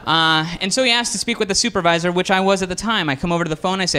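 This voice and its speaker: A man doing a stand-up comedy routine, telling a story in a halting way with frequent "uh"s. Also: high voice, bright, forceful tone, clear, resonant tone. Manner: halting, restarts with filler "uh". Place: comedy stage with live audience.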